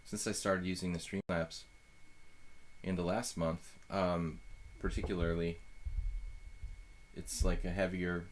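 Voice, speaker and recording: This is a man with a low, deep voice streaming live chess commentary. He muses out loud in a loose, rambling way, trailing off and restarting his sentences. A faint hiss of noise sits under his voice. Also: level tone, unhurried, pauses often. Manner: thinks aloud, rambling with fillers.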